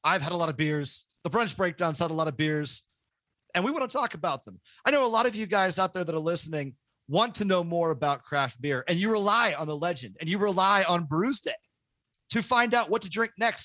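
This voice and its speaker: Man, podcast host, loud and excited, bright forceful voice, dry close sound. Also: sits high, no room sound. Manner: loud, excitable, self-mocking. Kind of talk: casual podcast chat. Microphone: home podcast microphone.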